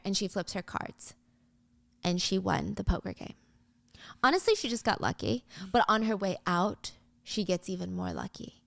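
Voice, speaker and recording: A woman giving a casual, gossipy, animated recap of a drama's plot. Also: medium pitch, creaky, no room sound.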